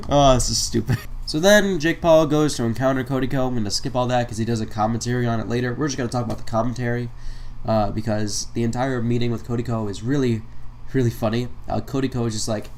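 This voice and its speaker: A man's voice: mid-range voice, steady tone, fast, a little hiss or hum. A man giving comedic reaction commentary on a video, sarcastic and mock-exasperated, laughing between lines. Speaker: commentary YouTuber.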